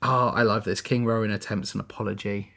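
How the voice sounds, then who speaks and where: A man's voice: fairly low pitch, level tone, brisk, creaky, a bit bright. A man co-hosting a podcast, chatting casually as he recaps a musical, with lots of "you know" and "like". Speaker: podcast co-host.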